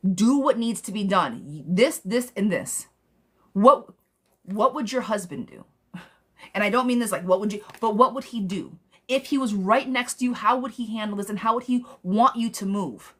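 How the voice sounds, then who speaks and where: A woman reads tarot live for her viewers in a frank, no-nonsense way. She talks to them like a close friend, calls them "girl" and swears casually. She keeps her pitch in an ordinary middle range. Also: a bit bright. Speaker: tarot reader. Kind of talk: live-streamed tarot reading.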